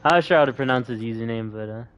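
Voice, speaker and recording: A man's voice: medium pitch, very fast, clean tone, muffled recording. Laid-back young male streamer. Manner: loose and laid-back, swears casually. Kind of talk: casual gameplay chat.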